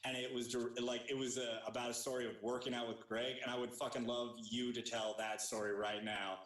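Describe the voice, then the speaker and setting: A man of middle pitch hosts a comedy podcast, rambling and hesitating as he thinks aloud. He sounds a little distant from the mic, in an echoey room. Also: little pitch movement, brisk, fairly bright tone. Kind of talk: casual podcast chat.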